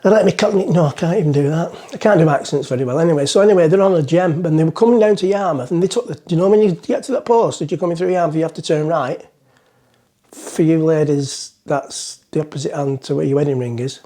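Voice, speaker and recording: A man's voice: fairly high pitch, fast, mellow. A middle-aged man, rambling through a joke as he talks to the camera from the front of a boat. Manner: rambling, self-mocking, chatty. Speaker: vlogger. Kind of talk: casual chat to camera, joke-telling.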